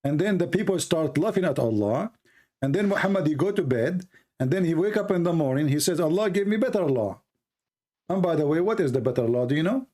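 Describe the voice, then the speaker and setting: Man, Arabic accent, fairly high voice, hoarse and coughing, insistent debate host. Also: expressive, fast talker, warm tone. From Middle East. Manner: pressing, repeats questions. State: losing his voice, coughing. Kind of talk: heated online debate.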